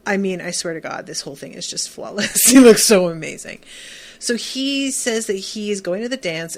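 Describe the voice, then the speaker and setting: A woman's voice: mid-range voice, fairly bright tone. A woman hosting a podcast, recapping a TV episode in a casual, gushing, emphatic way with lots of fillers. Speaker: podcast host.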